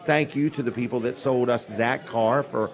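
A man's voice: medium pitch, moderate pace, crowd noise. An older man hosting a live radio and TV show from a busy restaurant, rambling casually between giveaways and sponsor plugs with dry jokes. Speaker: host. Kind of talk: live on-location radio and TV talk.

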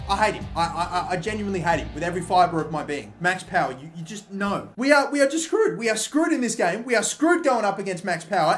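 A young man giving excitable play-by-play commentary on his own football video game, swearing often and breaking into loud shouts. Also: high-pitched. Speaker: gaming YouTuber.

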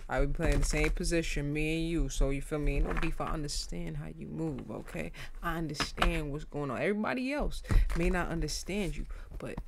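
A woman casually doing a tarot reading for her viewers, animated, slangy and openly emotional as she talks. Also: low-pitched, a little fast, vocal fry, noisy background. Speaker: tarot reader.

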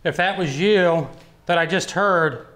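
A man investigating an abandoned building alone at night, talking to camera and calling out to spirits in a hushed, jumpy way. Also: fairly high pitch, unhurried, slight background noise, low-quality recording. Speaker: paranormal investigator. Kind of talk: solo ghost-hunt narration to camera.

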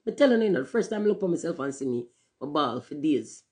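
Candid woman, lively swings. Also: quick pace, slightly rough. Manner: candid, profane, swings between loud emphasis and low murmurs; drifts into patois phrasing. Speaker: channel host. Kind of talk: casual livestream monologue.

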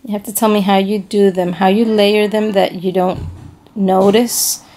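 A woman's voice: medium pitch, little pitch movement, measured pace, dark tone. A woman chatting casually to camera, gushing over handmade crafts and often searching for the right word. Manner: gushing and enthusiastic, repeats praise words; searches for words, trails off mid-sentence. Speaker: craft vlogger showing a package.

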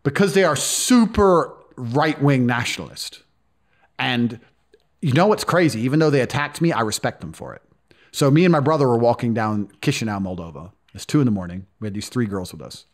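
A man's voice: medium pitch, lively intonation, fairly quick. A man telling a story in conversation, blunt, boastful and profane.

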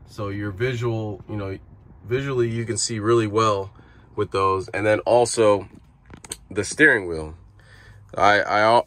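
A man with a fairly low, fairly bright voice vlogs from his truck cab, walking through a repair in a casual how-to style. He's laid-back and rambling, full of fillers and restarts.

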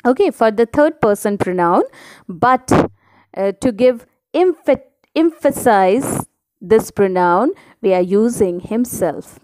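Woman teacher going over grammar with kids, kinda high voice, talks real slow, keeps saying okay?. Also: animated, darkish tone, rough recording. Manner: slow, deliberate explaining, asks and answers her own questions; checks understanding with frequent "okay?". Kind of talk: grammar lesson for children.

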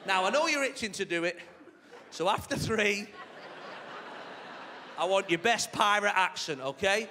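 Lively stand-up comedian. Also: male voice, sits high, a little slow, pauses often. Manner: chatty, cheeky, lively storytelling to a crowd. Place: large theatre stage with a laughing audience. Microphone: stage microphone. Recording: live hall reverb with crowd noise.

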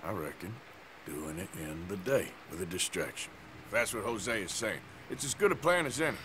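A blunt tough outlaw. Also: male voice, fairly low pitch, lively intonation, moderate pace, sharp tone, slight background noise. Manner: blunt, matter-of-fact.

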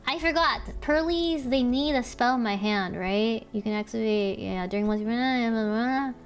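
A fairly high-voiced woman chatting through a card game on stream, flustered and talking to herself as she plays. She swears under her breath and jumps up into loud squeals when she slips up. Faint music plays behind her. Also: steady tone, moderate pace. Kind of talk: casual gameplay streaming.

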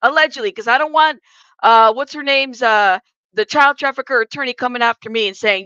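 A woman's voice: sits high, brisk, vocal fry, sharp tone, no echo. A woman hosting a live commentary stream, reading the chat aloud and joking. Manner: chatty, joking asides, laughs often. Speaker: commentary channel host. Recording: dull lo-fi sound.

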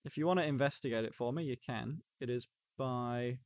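A man's voice: medium pitch, a little fast, no room sound, clean studio sound. A young man chatting casually on a live stream, rambling and stopping and starting as he reacts to chat. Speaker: livestreamer.

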